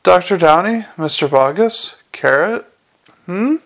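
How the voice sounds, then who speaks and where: A man reading aloud and voicing a gruff, sarcastic middle-aged male watch commander who mocks with fake innocence. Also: high voice, lively intonation, measured pace, a bit bright, voice pushed up, full character voice. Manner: mock-innocent sarcasm with a snarling edge.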